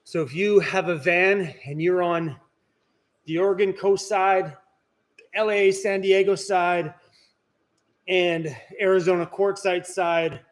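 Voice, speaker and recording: A man's voice: sits high, fairly even intonation, slow. A man hosting a casual live stream from inside his workshop, chatting and answering viewer comments. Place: indoor workshop.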